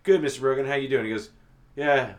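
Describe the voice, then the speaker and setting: A man's voice: mid-range voice, fast talker. A man telling stories about his father in a casual podcast chat, swearing and laughing often. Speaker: podcast host.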